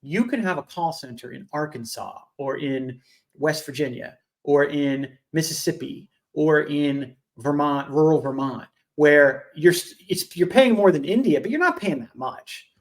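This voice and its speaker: A man's voice: on the high side, unhurried. A man co-hosting a casual podcast chat, complaining and hammering his points again and again. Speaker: podcast co-host.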